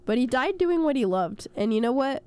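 A young woman co-hosting a casual chat, telling stories in an animated, joking way. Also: high voice, a little fast, clear, resonant tone. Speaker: podcast co-host.

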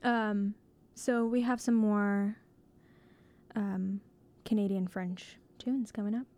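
A woman DJ on a small radio station, talking loosely between songs. Her voice sits in an ordinary middle range, and she often pauses on filler sounds and breaks into a soft laugh. It has the easy feel of studio chat. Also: mid-range voice, fairly even intonation. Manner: hesitant, full of ums and giggles. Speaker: college radio DJ. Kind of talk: casual on-air chat.

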